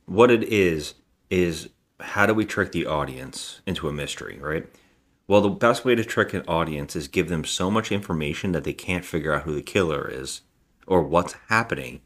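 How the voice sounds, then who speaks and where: Deep-voiced man, lively delivery. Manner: animated, acts out scenes in funny voices. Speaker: podcast co-host. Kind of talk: casual film review chat.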